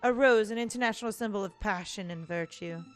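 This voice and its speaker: A woman's voice: medium pitch, brisk, faint music behind, natural voice. A woman voicing a courteous young male prince with flowery speech, reading game dialogue aloud in a stilted put-on accent. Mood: recounting. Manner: stilted attempt at a foreign accent.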